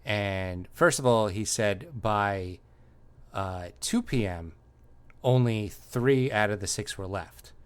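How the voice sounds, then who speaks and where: A man co-hosting a casual comedy podcast, laying out a story with dry, deadpan sarcasm. His voice sits on the low side and stays laid-back. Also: slow, clear, resonant tone. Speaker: podcast co-host.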